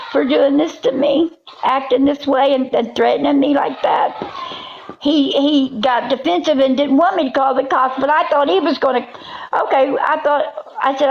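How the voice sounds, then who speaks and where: Hoarse, agitated woman livestreaming. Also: high-pitched, dull audio. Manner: agitated, repetitive, yelling then praying. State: hoarse, coughing. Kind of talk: emotional livestream rant.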